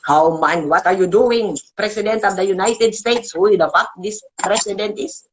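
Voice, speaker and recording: A woman's voice: a little hiss or hum, poor audio. Agitated woman ranting and swearing. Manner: agitated, swearing, emotional with pitch swings; halting with frequent restarts. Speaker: show host. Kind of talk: ranting political monologue.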